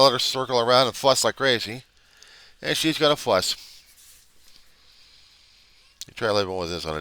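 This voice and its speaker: Bright and forceful, this mid-range male voice comes through a dry recording. The speaker is a recovery video diarist, talking to his camera without a script in a confessional monologue. He's blunt, swears freely, rambles and questions himself.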